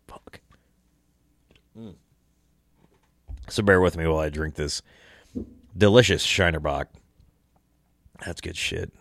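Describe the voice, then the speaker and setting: A man's voice: deep voice, moderate pace, pauses often, no echo, clean studio sound. A young man hosting a solo podcast, tired and tipsy, rambling casually and swearing a lot. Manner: rambling, profane, laid-back. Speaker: podcast host.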